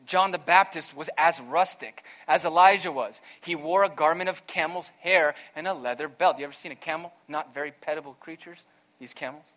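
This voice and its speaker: A pastor preaching an earnest, emphatic sermon, weaving in a storytelling aside. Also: male voice, fairly high pitch, brisk, a bit bright.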